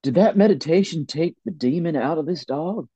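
A man as a gushing, husky patient. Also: on the high side, lively intonation, moderate pace, dark tone, dry recording. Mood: amazed. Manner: gushing, emotional, exclaiming. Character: emotional Southern nice-guy man patient. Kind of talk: improvised comedy podcast.

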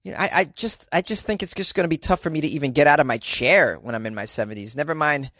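A man's voice: on the high side, fast talker, pushed and bright, dry recording, studio quality. A man hosting a comedy podcast, talking in a rambling, self-deprecating way with lots of fillers. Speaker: podcast host. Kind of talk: casual comedic monologue.

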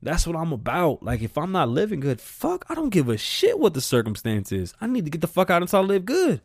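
A man's voice: fairly high pitch, gravelly, no room sound, studio quality. Blunt, profane man ranting. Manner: blunt, profane and repetitive, building to heated outbursts. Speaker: show host. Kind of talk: opinion rant monologue.

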